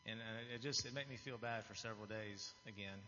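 A man's voice: on the low side, brisk, bright, forceful tone, soft background music. A man giving an earnest, confessional testimony to a church audience, often restarting his phrases. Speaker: lay speaker giving a testimony. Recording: dull, reverberant hall recording.

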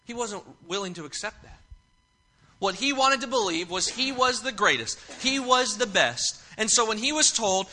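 A man's voice: high voice, expressive, unhurried, sharp tone. A man preaching a sermon, reading scripture aloud and then explaining it with emphatic repetition and frequent restarts. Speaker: pastor.

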